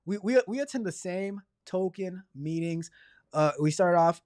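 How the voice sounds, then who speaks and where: A man hosting a casual livestream, chatty and energetic, rambling along and stumbling over repeated words. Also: high-pitched, unhurried, dry recording, studio quality. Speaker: livestream host.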